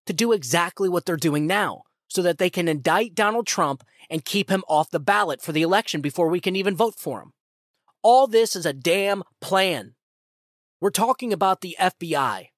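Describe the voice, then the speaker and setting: A man's voice: high voice, animated, normal speed, no room sound, clean studio sound. A man hosting his own podcast, giving heated political commentary in an indignant, repetitive way and often calling his listeners "folks". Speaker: podcast host.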